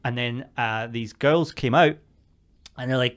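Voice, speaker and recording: A young man co-hosting a podcast, telling a story in a sweary, animated way with bursts of laughter. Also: medium pitch, unhurried, smooth. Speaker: podcast co-host. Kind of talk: casual storytelling chat.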